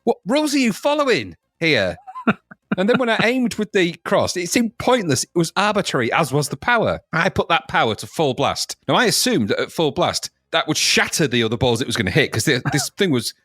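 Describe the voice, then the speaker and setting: A man co-hosting a podcast, reviewing old games in a casual, mocking way, quick to laugh. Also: fairly high pitch, big pitch swings, a bit bright, husky, dry recording, clean studio sound. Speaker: podcast co-host. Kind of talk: casual retro gaming review chat.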